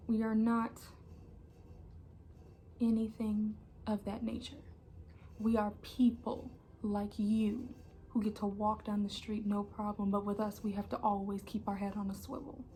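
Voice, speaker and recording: A young woman gives an impassioned personal monologue, angry and emphatic, repeating herself and often dropping to an intense hush. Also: mid-range voice, a little hiss or hum. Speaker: channel host.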